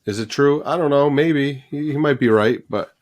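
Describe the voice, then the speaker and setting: A man's voice: medium pitch, normal speed, darkish tone. A man co-hosting a casual podcast, rambling and self-deprecating with lots of fillers. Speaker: podcast co-host. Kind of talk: casual chat.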